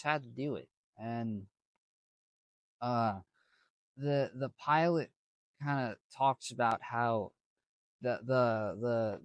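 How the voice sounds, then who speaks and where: A man's voice: mid-range voice, a bit bright, dry recording. A man casually telling a story to camera, rambling with slang and many restarts. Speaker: vlogger.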